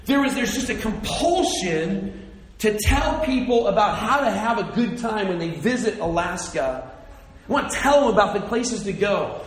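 Lively pastor with a high animated voice in an echoey hall. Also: male voice. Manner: animated, playful, talks directly to listeners. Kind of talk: sermon. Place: church hall. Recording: echoey hall with faint room noise.

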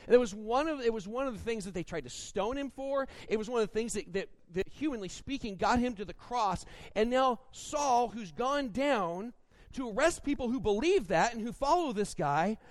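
A man preaching a sermon, telling a lively personal story in a chatty, animated way with frequent restarts. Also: very high-pitched, normal speed, dry recording. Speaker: pastor.

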